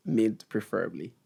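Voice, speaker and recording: A hoarse young man with a Grenadian accent, giving short, laid-back answers as an interview guest. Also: fairly low pitch. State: hoarse, losing his voice. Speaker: guest soca artist. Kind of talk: casual interview chat.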